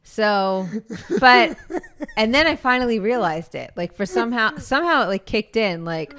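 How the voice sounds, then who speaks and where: A woman's voice: on the high side, animated, moderate pace, a bit bright. A woman co-hosting a podcast in casual chat, telling stories with good humor and laughing along. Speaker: podcast co-host.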